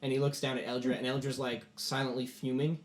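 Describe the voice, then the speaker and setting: A man's voice: medium pitch, flat delivery, fast talker, reverberant. A man narrating a tabletop game as game master, rambling loosely with many fillers.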